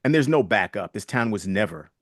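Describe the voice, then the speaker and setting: A man's voice: fairly low pitch, expressive, fairly quick, dry recording, studio quality. A man in his sixties, a guest in an interview, telling stories earnestly and reflectively and retelling past conversations. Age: 60s.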